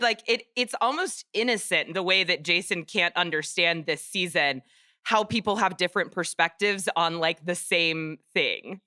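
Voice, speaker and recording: A woman's voice: fairly low pitch, pushed and bright. A woman with a Southern US accent, co-hosting a podcast in casual chat, playful and full of filler words. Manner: quick, playful, lots of "like" and "um". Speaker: podcast co-host.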